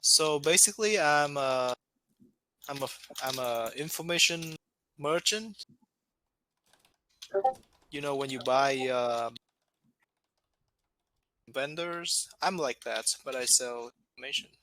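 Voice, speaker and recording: A man's voice: mid-range voice, slow pace, long pauses, sharp tone. A man playing a tabletop game, speaking unsurely and trailing off. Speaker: player. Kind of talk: casual tabletop role-play.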